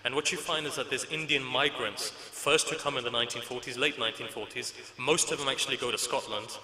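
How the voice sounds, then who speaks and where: Male lecturer, very bright edgy tone, chatty anecdotal delivery, roomy hall echo. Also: mid-range voice, fairly even intonation, a little fast. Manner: conversational storytelling with humor. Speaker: Islamic lecturer. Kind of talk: religious lecture. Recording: echoey hall reverb.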